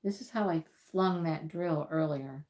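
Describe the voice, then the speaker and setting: Low-pitched and a little mellow, the woman speaks unhurriedly as she hosts a casual livestream from her home crafting table. Her live-stream chat wanders, and she tends to repeat her words.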